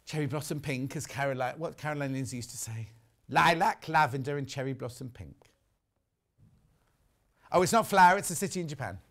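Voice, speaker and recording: A man's voice: medium pitch, lively intonation, fairly quick, long pauses, fairly bright tone. A middle-aged man presenting fabrics on a live shopping show, chatty and teasing. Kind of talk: live sales presentation with chat.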